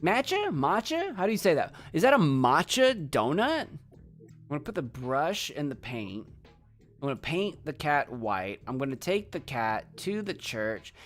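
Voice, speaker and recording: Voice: mid-range voice, big pitch swings, measured pace, faint music behind. A streamer giving playful, rambling commentary while playing a video game live and talking to chat.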